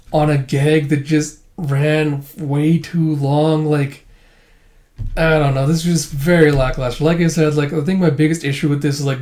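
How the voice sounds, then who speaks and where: A man's voice: a little high, a little mellow. A young man casually recapping and reviewing a manga chapter, rambling and unimpressed. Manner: rambling, lots of fillers, unimpressed.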